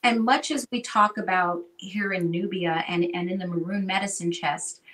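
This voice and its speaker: A woman teaching in an animated, conversational way, often checking in with "right?". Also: medium pitch, far from the mic, rough recording. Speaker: guest teacher.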